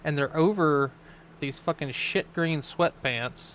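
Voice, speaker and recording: A man's voice: fairly high pitch, slow pace, fairly bright tone, slight background noise. A man co-hosting a casual chat, mocking and swearing as he laughs his way through clips. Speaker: co-host.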